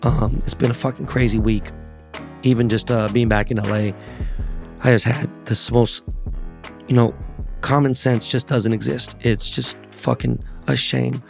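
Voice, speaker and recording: A man hosting his podcast with a hoarse, worn-out voice from yelling, talking casually, bluntly and with lots of swearing. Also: medium pitch, steady tone, unhurried, soft background music. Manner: blunt, swears a lot, rambling. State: hoarse, lost voice. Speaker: podcast host. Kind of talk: casual profane podcast monologue.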